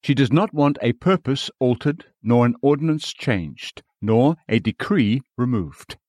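A man reading a sermon aloud in measured, formal, old-fashioned preaching language. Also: medium pitch, animated, darkish tone, dry recording, clean studio sound. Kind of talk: read sermon.

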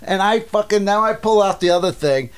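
A man telling a story in casual chat, animated, acting out the yelling and voices in it and swearing freely. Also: high voice, fairly quick, clear, resonant tone.

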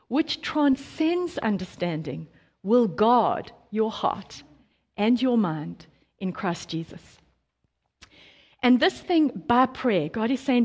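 A woman preaching a sermon, earnest and animated, quoting scripture with emphasis and breaking into light laughs. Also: fairly high pitch. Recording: long hall reverb.

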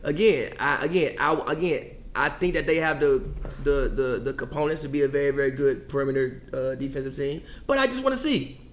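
Fast-talking man arguing sports. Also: fairly high pitch. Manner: repetitive, restarts often, insistent. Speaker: sports debate co-host. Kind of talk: heated casual sports debate.

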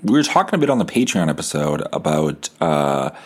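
Man, very low voice, rambling podcast host, sarcastic deadpan humor. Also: a little fast. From Canada. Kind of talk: rambling solo podcast talk.

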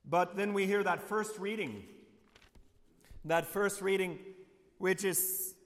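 A male priest delivers a homily in a slightly high voice. He speaks slowly and reflectively, falling quiet and low on key lines. His words echo with the long reverb of a large church hall.

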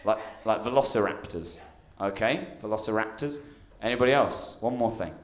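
A male stand-up comedian performing live, deadpan and self-mocking, putting on playful voices. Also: fairly low pitch, moderate pace. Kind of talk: live stand-up with a rap bit. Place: theatre stage with a live audience. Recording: echoey live venue with backing music.

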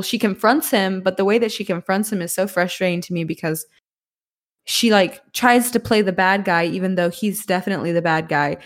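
A woman on a podcast panel discussing a film in casual chat, retelling scenes bluntly and swearing freely. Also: lowish voice.

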